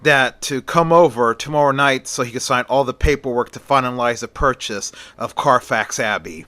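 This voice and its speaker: A man's voice: medium pitch, moderate pace, bright, forceful tone, no room sound, close to an everyday voice. Renfield, a man voicing a cursing, curt middle-aged agent. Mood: angry, curt. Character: angry rude middle-aged male estate agent.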